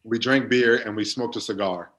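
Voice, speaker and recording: A man's voice: on the low side, normal speed, fairly bright tone. A young man in his twenties, a football player guest on a podcast, telling stories in a laid-back way with lots of fillers. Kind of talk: casual podcast chat.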